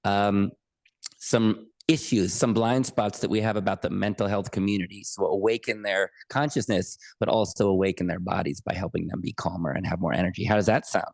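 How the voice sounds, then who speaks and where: Male guest coach, low gravelly voice, dry close sound, earnest. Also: fairly even intonation, brisk, a little mellow, no echo. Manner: earnest and reflective, with frequent restarts. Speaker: podcast guest, anxiety coach. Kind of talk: conversational interview.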